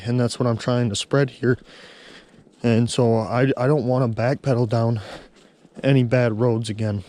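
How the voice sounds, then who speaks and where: A man's voice: mid-range voice, warm tone, slight background noise. A man in his thirties on a walk outdoors, telling a heartfelt, rambling story about his day. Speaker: vlogger. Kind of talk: casual walking vlog. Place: outdoors on a snowy trail walk.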